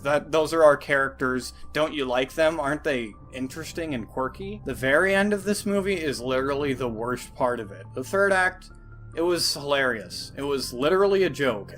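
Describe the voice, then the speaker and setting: A man's voice: medium pitch, a bit bright. A man giving a sarcastic, profane, exasperated movie review. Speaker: film reviewer.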